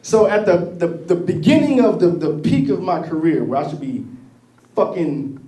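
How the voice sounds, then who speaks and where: A man's voice: sits high, moderate pace. Guy doing standup, swearing a lot, voice jumps all over, echoey room heard from a distance. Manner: profane, animated storytelling. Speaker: stand-up comedian. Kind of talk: stand-up comedy set.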